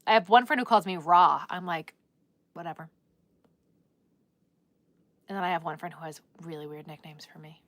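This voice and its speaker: A woman's voice: on the low side, fast talker, hardly any pauses, fairly bright tone, dry recording. Chatty New Jersey woman on a livestream. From Newark, New Jersey. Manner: chatty and rambling, answering chat while crocheting. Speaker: livestream host. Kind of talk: casual livestream chat.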